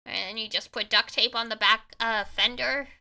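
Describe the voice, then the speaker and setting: Bright, chatty woman streamer. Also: a little high, fairly even intonation, normal speed, vocal fry. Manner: chatty, joking, swears casually. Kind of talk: casual gameplay commentary.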